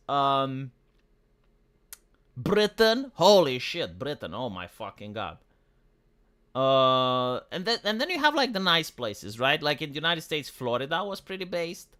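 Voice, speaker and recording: Animated, bright-voiced man ranting on stream. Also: on the high side. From Romania. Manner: profane, animated, full of restarts and "like". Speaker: livestreamer. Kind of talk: casual opinionated livestream rant.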